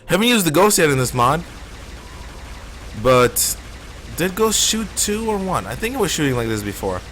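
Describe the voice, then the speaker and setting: A man's voice: on the high side, very animated, moderate pace, fairly bright tone, slight background noise. A man streaming a shooter game live, rambling and opinionated as he plays. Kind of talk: casual live gameplay commentary.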